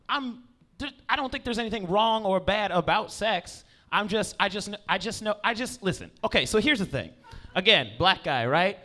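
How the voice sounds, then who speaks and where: A man's voice: sits high, sharp tone. A male comedian doing a stand-up set on stage, rambling and self-deprecating and often checking in with the crowd. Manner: rambling, self-deprecating, keeps asking "you know what I mean". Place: stage before a live audience.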